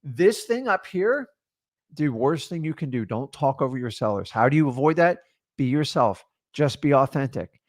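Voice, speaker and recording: A man's voice: mid-range voice, lively intonation, normal speed, no echo, studio quality. Emphatic motivational male coach. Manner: emphatic and preachy, punchy short lines and rhetorical questions. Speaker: co-host of a real estate wholesaling training.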